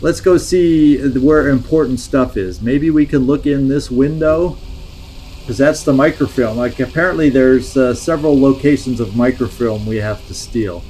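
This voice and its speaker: A man's voice: medium pitch, moderate pace, warm tone. Man musing through game plans. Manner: musing, hesitant, talks himself through plans. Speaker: game streamer. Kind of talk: thinking-aloud gameplay commentary.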